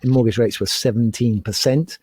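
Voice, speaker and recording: A man's voice: medium pitch, fairly quick, slightly rough, no room sound, studio quality. A middle-aged man, telling anecdotes as a podcast guest and acting out the quotes. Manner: animated anecdotes with acted-out quotes. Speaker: podcast guest, former racing driver. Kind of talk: casual storytelling chat.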